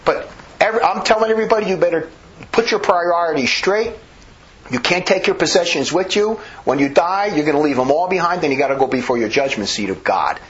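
Preaching with great fervor, a man speaks briskly and animatedly in a voice on the high side. His sermon is emphatic and rambling, with many restarted sentences, and the recording sounds dull and lo-fi.

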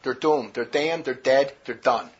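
God as a stern, all-powerful voice, put on by a man, dropped deep below the speaker's usual bright tone and delivered slow and final. The lo-fi recording gives it a dull, muffled edge. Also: background noise, lightly acted. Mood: grimly assuring.

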